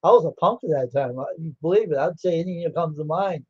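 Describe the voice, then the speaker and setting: Fast and fairly high-pitched, this older male livestream host sounds a little mellow and slightly rough as he laughs through rambling stories, performing the dialogue he quotes. The audio is dull with no echo.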